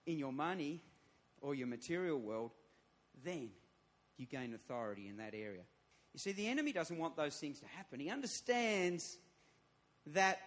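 A man, a church pastor, preaching a sermon, emphatic and repeating his phrases as he builds to raised appeals. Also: high-pitched.

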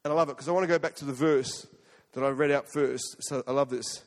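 An Australian man preaching a sermon in an animated, conversational way, swinging between loud and hushed as he tells a story. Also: medium pitch, fast. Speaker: guest preacher. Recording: long hall reverb.

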